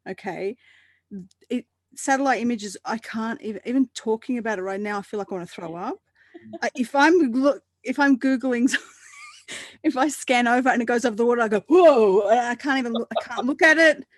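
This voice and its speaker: A woman guest in a casual roundtable chat, animated and quick to laugh, often restarting her sentences. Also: on the high side, dry recording, clean studio sound.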